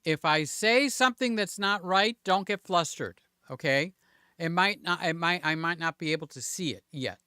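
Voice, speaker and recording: A man's voice: fairly high pitch, moderate pace, sharp tone, smooth, no echo. A man hosting a casual livestream in his home studio. He chats, thinks aloud, pokes fun at himself and keeps checking in with his viewers. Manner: self-deprecating, thinks aloud. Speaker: livestream host. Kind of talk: casual live-stream chat. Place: home studio with several cameras.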